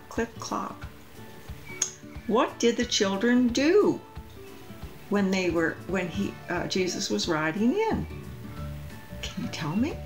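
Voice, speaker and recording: Slow sing-song woman teaching small children. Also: mid-range voice, rough recording. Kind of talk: children's lesson with songs and story.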